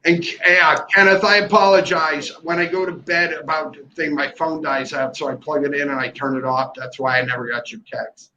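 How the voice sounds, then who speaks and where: A man's voice: fairly high pitch, fairly even intonation, normal speed, hardly any pauses, pushed and bright. A man hosting a casual live stream chat, telling jokes in a playful way. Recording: echoey muffled audio with background noise.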